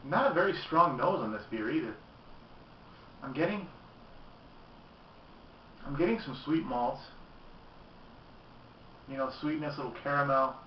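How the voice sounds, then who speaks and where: A man chatting candidly through a beer review, sitting back from a camera mic in an echoey room. The sound is dull and lo-fi, with a faint hum of room noise behind him. His voice sits at an ordinary middle pitch. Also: animated, measured pace, long pauses. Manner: chatty and candid, tasting as he talks. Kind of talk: casual video review. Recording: roomy, distant, dull lo-fi camera audio.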